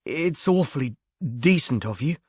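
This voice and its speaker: A man's voice: a little high, expressive, unhurried, darkish tone, slightly rough, no echo, clean studio sound. A man voicing a shy, earnest young Englishman who stammers and speaks diffidently. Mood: shy, hopeful. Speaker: reader.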